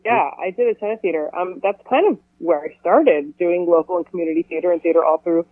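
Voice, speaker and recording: Chatty actress on a tinny phone line. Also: female voice, lowish voice, no room sound. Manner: chatty and playful, quick asides. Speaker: actor guest. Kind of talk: casual phone interview. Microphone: telephone.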